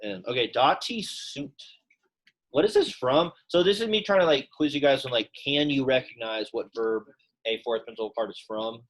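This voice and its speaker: Young male teacher, chatty and loose, a bit husky, classroom lesson. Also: mid-range voice, animated, moderate pace, rough recording. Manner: casual, chatty, lots of "like" fillers. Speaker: Latin teacher.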